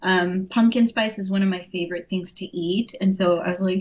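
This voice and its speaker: A woman guest chatting casually in an interview, relaxed, laughing often and filling pauses with "um". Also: on the low side, highs cut off. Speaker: interview guest, home vegan cook.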